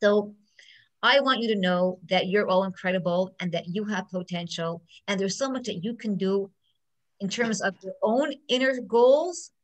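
A middle-aged woman judge gives an inspirational talk packed with stories, speaking in a mid-range voice at a moderate pace. She's an animated storyteller who acts out what people said. The recording is rough.

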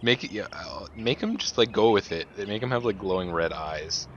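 A man's voice: animated, moderate pace. A man co-hosting a gameplay video, chatting casually and laughing often. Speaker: co-host playing a farming game. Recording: muffled low-fi mic with faint hiss.

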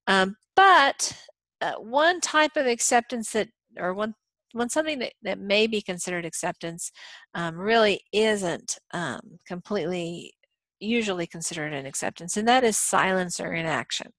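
A woman's voice: mid-range voice, expressive, moderate pace, a bit bright, dry recording. A woman lecturing a college law class in a conversational way, with frequent ums and uhs. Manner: conversational, many ums and uhs, acts out quoted dialogue. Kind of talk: recorded lecture.

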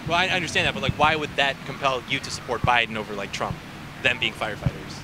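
Deadpan needling man on a street. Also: medium pitch, fast. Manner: deadpan, needling, mock-innocent. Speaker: YouTuber confronting protesters. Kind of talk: provocative street interview. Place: outdoors by a street. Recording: outdoor street noise.

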